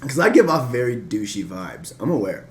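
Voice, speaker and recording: A man's voice: mid-range voice, moderate pace. A young man chatting casually as a podcast guest, telling stories and acting out what people said. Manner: animated storyteller, acts out quotes. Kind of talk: casual chat.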